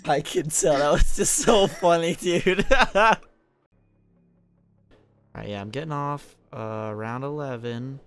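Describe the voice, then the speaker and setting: A young man gaming with a friend, loud and profane, flipping between raging at opponents and apologizing. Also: fairly high pitch, lively intonation, slow pace, pauses often, faint music behind. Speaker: gamer streaming with a friend. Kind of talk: casual gaming banter.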